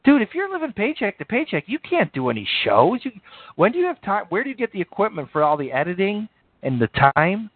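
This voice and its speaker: A man's voice: high-pitched, sing-song, brisk, breathy edge, no room sound. A man hosting a live stream, giving blunt, profane, dismissive reaction commentary. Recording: dry, tinny phone-like sound.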